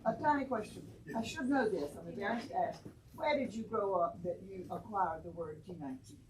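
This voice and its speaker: A woman speaks up from the audience with a hesitant, apologetic question. She sounds far from the mic in an echoing room. There is clear noise throughout the recording. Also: medium pitch, animated, a little fast. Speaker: audience member. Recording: distant, echoey, noisy room.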